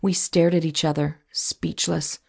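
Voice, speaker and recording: Low gravelly-voiced woman narrator. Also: little pitch movement, measured pace. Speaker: audiobook narrator. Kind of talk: scripted first-person narration.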